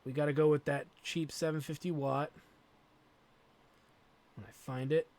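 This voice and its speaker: Higher-voiced man narrating gameplay. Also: level tone, measured pace, a little mellow. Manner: thinks aloud and swears freely. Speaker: let's play host. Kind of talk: gameplay commentary.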